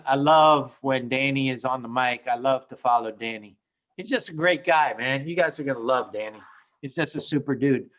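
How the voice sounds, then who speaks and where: A man's voice: mid-range voice, bright, forceful tone. A man hosting a live day trading room, chatting in an upbeat, chummy, rambling way. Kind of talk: casual live trading chat.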